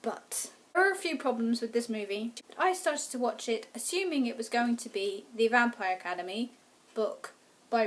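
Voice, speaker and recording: A woman, chatting enthusiastically to camera as a book vlogger. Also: fairly high pitch. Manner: enthusiastic, gushing fan talk. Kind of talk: casual review chat to camera.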